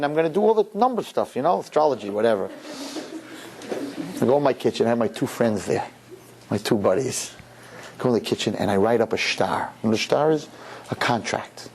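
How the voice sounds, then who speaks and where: A male rabbi telling a story in a sermon, animated, acting out the people in it. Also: mid-range voice, slight background noise. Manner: animated, acts out characters.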